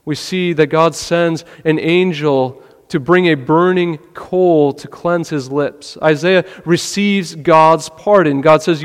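A man preaching a sermon in an earnest way, asking questions and often dropping his voice low. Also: slow pace, clear, resonant tone, in a large hall. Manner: earnest, rhetorical questions, drops to a quiet voice. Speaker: pastor.

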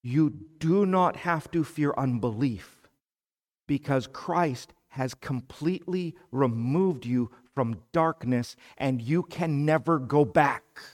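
Male pastor, unhurried emphatic sermon delivery, church hall echo. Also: mid-range voice. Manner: slow, emphatic preaching with rising fervor. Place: church sanctuary. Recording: long hall reverb.

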